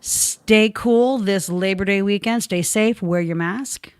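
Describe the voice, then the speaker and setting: A woman's voice: mid-range voice, slow pace, clean tone, no echo. A woman hosting a casual podcast interview, bubbly and effusive, laughing often. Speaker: podcast host.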